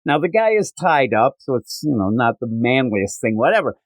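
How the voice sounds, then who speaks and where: A man's voice: mid-range voice, big pitch swings, normal speed, no echo. A man co-hosting a podcast, casually retelling comic book scenes and acting out the characters' lines. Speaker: podcast co-host.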